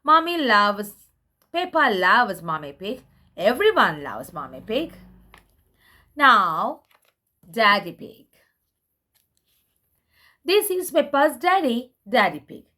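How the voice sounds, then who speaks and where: A woman reading a children's picture book aloud in a slow, sing-song way for small children. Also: fairly high pitch, pushed and bright.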